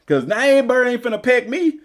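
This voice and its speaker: High, lively-voiced man streaming a game. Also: a little fast. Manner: rambling, loose storytelling. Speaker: gaming streamer. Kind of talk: casual live-stream chat.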